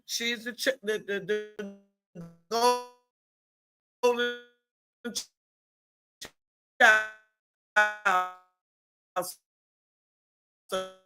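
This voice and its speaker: Excitable woman calling a game live. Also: on the high side. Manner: excitable, exclaiming loudly at plays; chatty, colloquial. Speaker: sports commentary streamer. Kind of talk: live play-by-play commentary.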